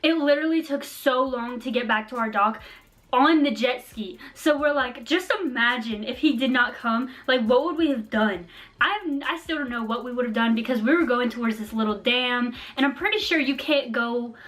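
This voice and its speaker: Chatty young woman with a high voice. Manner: chatty, animated, lots of slang and fillers. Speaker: vlogger. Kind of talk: casual storytime vlog.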